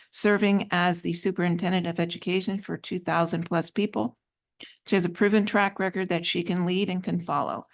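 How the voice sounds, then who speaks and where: A woman on a city council, reading applicants' letters aloud at a meeting, hesitant, with many ums and slips. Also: lowish voice. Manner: hesitant, many ums, trips over words. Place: council chamber.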